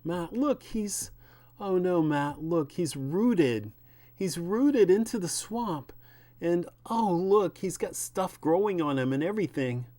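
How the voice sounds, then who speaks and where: A man's voice: high voice, animated, slow pace, warm tone, pitched above the performer's own voice. A man voicing a frightened young woman in a comic book reading, in a raised, pleading voice. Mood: alarmed.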